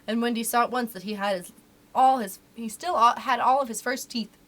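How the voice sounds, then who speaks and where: A woman reading a children's book aloud for a library storytime, with expressive, animated delivery. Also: on the high side, a little fast.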